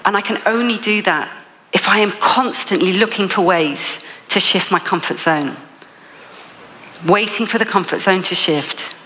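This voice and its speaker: A woman's voice: mid-range voice, measured pace, sharp tone, long reverb tail, a little hiss or hum. A woman with an English accent giving a motivational keynote speech, telling a story with frequent laughs. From England. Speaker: motivational speaker.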